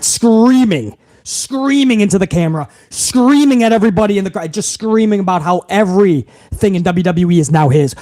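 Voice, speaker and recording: This wrestling podcast host has a high, darkish voice, captured dry. His recap turns into a furious, swear-laden rant where he keeps repeating himself in disbelief and talks over his own words.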